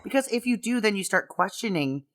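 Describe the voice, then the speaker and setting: A woman's voice: mid-range voice, expressive, a little fast. A woman co-hosting a podcast in casual chat, giggly, acting out lines in funny voices. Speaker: podcast co-host.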